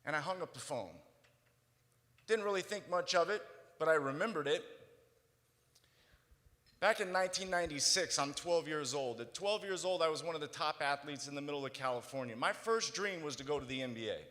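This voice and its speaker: A man with a hoarse, slightly raspy voice giving a personal testimony as a guest speaker, telling his story earnestly. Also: a little high, expressive, fairly quick, a bit bright, in a large hall. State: hoarse, recovering voice. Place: banquet hall.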